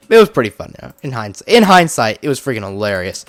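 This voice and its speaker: A young man hosting casual gameplay commentary, talking in an excitable, rambling, jokey way and poking fun at himself, a little congested from a cold. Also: fairly high pitch, fairly quick, no room sound. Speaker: Minecraft let's-play host.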